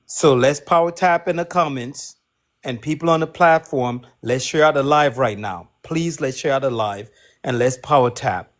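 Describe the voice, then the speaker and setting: A man's voice: medium pitch, moderate pace. A man hosting a live audio panel, breaking in with urgent, repetitive requests. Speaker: host.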